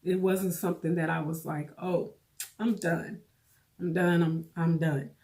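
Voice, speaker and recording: A woman with a somewhat low voice talks straight to camera in a personal vlog. She is tearful and holds back crying, and her speech comes out halting, with phrases repeated as she works through the story. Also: steady tone, dark tone. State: tearful, holding back tears. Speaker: vlogger.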